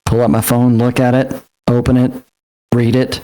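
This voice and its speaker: A man's voice: mid-range voice, monotone, normal speed, warm tone. A man, a tabletop player speaking heatedly in character, defiant and swearing. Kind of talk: in-character tabletop role-play.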